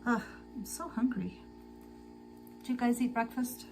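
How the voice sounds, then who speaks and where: A tired woman hosting a casual sewing livestream, chatting slowly to viewers and to herself as she works. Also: on the high side, slight background noise, low-quality recording. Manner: slow, chatty, talks to herself while working. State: tired and sleepy.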